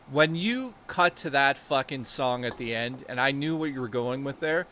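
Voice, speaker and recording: A man's voice: medium pitch, expressive, normal speed, sharp tone, a little hiss or hum. A man hosting a casual stream chat, talking enthusiastically and swearing casually. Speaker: stream host.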